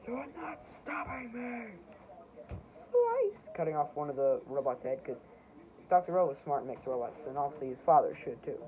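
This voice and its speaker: A man's voice: mid-range voice, quick pace, dark tone, rough recording. A man casually reading through his own homemade comics, rambling and correcting himself as he goes.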